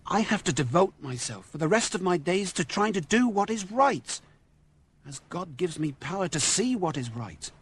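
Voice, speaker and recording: A principled young Royalist officer, pitched a little high with a husky edge and a lively, swinging delivery; radio drama. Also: male voice, normal speed, heavily acted. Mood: earnest. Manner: earnest, impassioned pleading. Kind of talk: 1970s radio drama acting.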